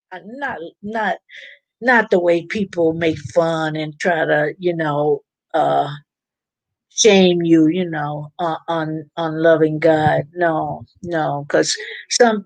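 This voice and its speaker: A woman's voice: on the low side, no room sound. A woman hosting a casual live stream, chatting informally and reading out viewer comments. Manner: chatty, informal, preachy about faith.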